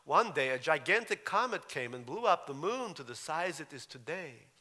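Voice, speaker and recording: A man's voice: fairly high pitch, sing-song, moderate pace, bright, forceful tone, pitched above the performer's own voice, full character voice. A man voicing a young immigrant boy with a thick Russian accent, reading his own story in earnest, formal schoolbook English. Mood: eager. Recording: lecture hall reverb.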